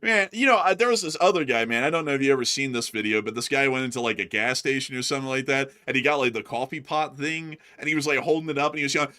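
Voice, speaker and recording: A young man hosting a channel in casual chat, laughing often and breaking into loud acted quotes. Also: fairly high pitch, expressive, racing, hardly any pauses. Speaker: channel host. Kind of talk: casual chat on current events.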